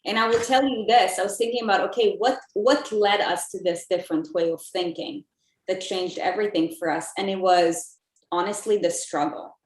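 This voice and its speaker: A woman's voice: medium pitch, normal speed. Reflective woman guest in an echoey room. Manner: reflective, talks with filler words. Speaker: interview guest. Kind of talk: casual interview chat.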